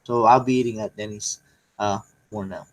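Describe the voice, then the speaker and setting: A man's voice: on the low side, steady tone, moderate pace. A man co-hosting a casual chat, rambling with lots of fillers and joking around. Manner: rambling, filler-heavy, playful. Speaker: podcast co-host.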